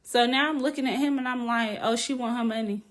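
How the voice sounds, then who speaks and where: A woman hosting a casual podcast, telling a story in an animated, blunt way, laughing often and swearing casually. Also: on the high side, brisk. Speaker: podcast host.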